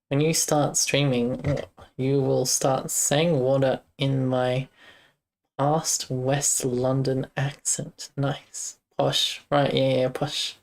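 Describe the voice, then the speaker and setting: Flat, gravelly game dev streamer. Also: medium pitch, slow pace. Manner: rambling, thinks aloud, chats with viewers. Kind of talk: casual live-stream chat while coding.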